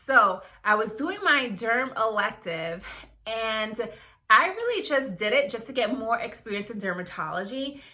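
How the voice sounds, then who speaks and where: A young woman, a dermatology resident, chatting casually to her viewers in an animated storytelling vlog. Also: on the high side. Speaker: dermatology resident, video creator.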